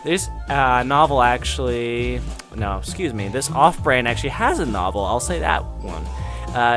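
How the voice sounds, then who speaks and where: A man reviewing anime in a casual, rambling monologue that flares into excitable, profane rants. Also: mid-range voice. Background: background music.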